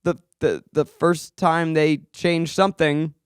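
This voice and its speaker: A man's voice: on the high side, steady tone, measured pace, smooth, dry recording. A man co-hosting a podcast in casual chat, jokey and hammy, recorded in a podcast studio. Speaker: podcast co-host.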